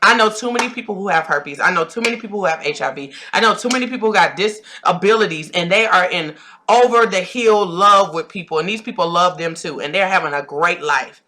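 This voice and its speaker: Blunt, bright-voiced Southern woman coach. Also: medium pitch. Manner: blunt, preachy, repeats phrases for emphasis. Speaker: life coach. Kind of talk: direct-to-camera pep talk.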